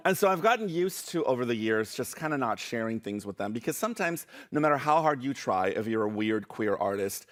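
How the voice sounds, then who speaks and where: A man's voice: medium pitch, lively intonation, brisk, fairly bright tone. A young adult man telling funny personal stories and reading poems at a live show, playful and self-mocking, often laughing through his lines. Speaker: spoken word poet and storyteller. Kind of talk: live comic storytelling and poetry reading.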